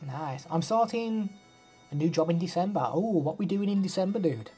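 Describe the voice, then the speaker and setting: A man's voice: sits high, lively intonation, normal speed, warm tone, faint music behind. A young man chatting casually on a live stream, rambling and answering chat messages.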